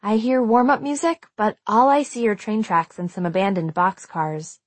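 A woman's voice: medium pitch, moderate pace, no echo. A woman reading a first-person audiobook aloud, telling a tense and suspenseful story. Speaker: audiobook narrator.

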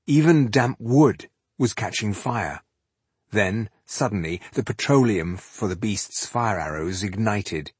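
A man narrating a fantasy novel as an audiobook in a steady, measured storytelling manner. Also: fairly low pitch, slightly rough, dry recording.

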